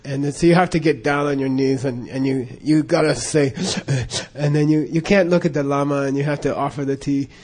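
A man's voice: a little high, fairly even intonation, brisk, few pauses, a little mellow. A man telling a casual, rambling story with lots of fillers and frequent laughs. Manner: rambling, many fillers and restarts, laughs often.

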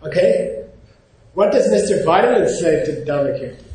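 A man giving an informal, animated lecture, often pausing to check in with his class. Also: a little high. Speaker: teacher. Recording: very echoey room.

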